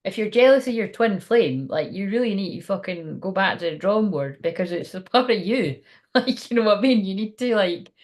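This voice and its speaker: A young woman talks through a tarot reading in a relaxed livestream chat. She is frank and chatty, laughs easily and swears casually. Her voice sits at an everyday middle pitch. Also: fairly quick. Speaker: tarot card reader.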